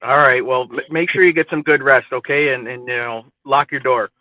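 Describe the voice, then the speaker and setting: A man's voice: medium pitch, steady tone, fairly quick, dry recording. A man hosting a casual stream chat, easygoing and rambling, laughing often. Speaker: host. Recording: dry, phone-like audio.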